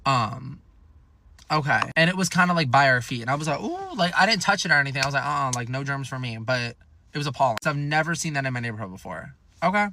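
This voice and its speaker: A man's voice: medium pitch, expressive, quick pace, background noise. A man telling a storytime in a chatty, sassy way, swearing and exaggerating for fun. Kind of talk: casual storytime.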